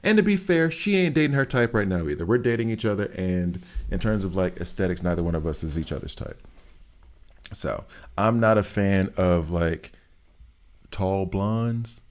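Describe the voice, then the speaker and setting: Deep-voiced man joking over gameplay. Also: expressive, moderate pace, a little mellow. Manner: joking, rambling, laughs often. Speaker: gaming streamer. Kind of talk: casual gameplay commentary.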